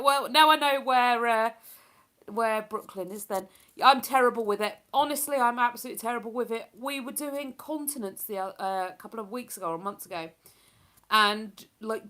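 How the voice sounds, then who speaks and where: A woman's voice: fairly high pitch, moderate pace, fairly bright tone. A woman chatting casually on a live stream, rambling and laughing as she reads out messages from her viewers. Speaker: live streamer reading chat.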